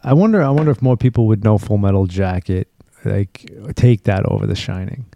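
A man's voice: on the low side, brisk, vocal fry, no echo. A man co-hosting a casual movie podcast, enthusiastic about his favorite films. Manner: enthusiastic, animated. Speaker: podcast co-host.

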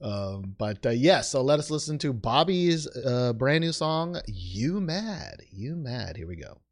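A man's voice: medium pitch, very animated, a little slow. A young man hosting a casual podcast, rambling and joking at himself with plenty of fillers. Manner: rambling, self-deprecating, with frequent fillers and restarts. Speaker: podcast host. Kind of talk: casual chat.

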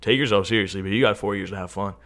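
A young man chatting casually as a guest, rambling in a relaxed way and often tagging his sentences with "right?". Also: on the low side, very fast. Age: young adult. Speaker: interviewee. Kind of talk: casual chat.

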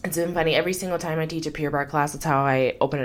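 A woman's voice: low voice, steady tone, very fast. A woman hosting her own life-coaching podcast, talking in an upbeat, chatty, encouraging way. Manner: upbeat, chatty, warm enthusiasm with frequent laughs. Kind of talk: motivational podcast monologue.

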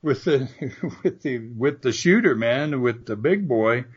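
Older Southern guest, folksy storyteller, husky, lively pitch, muffled lo-fi sound. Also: male voice, measured pace. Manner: folksy, animated storyteller who swears mildly. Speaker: guest, former wrestler and promoter. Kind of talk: casual storytelling interview. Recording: muffled lo-fi audio.

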